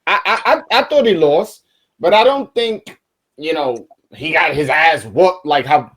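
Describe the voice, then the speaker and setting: Guy hosting a boxing interview, pitch bounces around a lot, easygoing chat. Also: lively intonation, measured pace, crowd noise. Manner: short reactions, conversational. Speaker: interview host. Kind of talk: casual interview.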